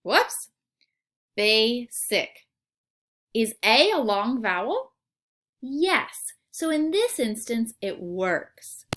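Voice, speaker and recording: A woman teacher giving a recorded phonics lesson for children, sounding out words slowly and asking the class questions. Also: fairly high pitch, big pitch swings, a bit bright.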